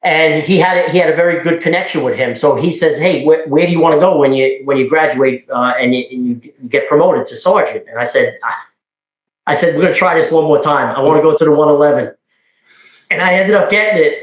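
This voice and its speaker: A middle-aged man from New York casually telling police stories in a rambling, animated way, quoting dialogue. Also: on the high side, racing, roomy sound, rough recording. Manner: rambling, animated, with frequent restarts and quoted dialogue. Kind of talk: casual storytelling.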